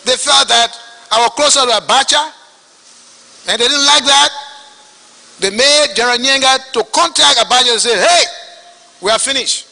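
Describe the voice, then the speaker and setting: A man with a Liberian English accent testifying at a hearing, telling his story in an animated way and acting out the dialogue. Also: extremely high pitch, normal speed, vocal fry, pauses often, long reverb tail, low-quality recording. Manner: animated, acts out quoted dialogue.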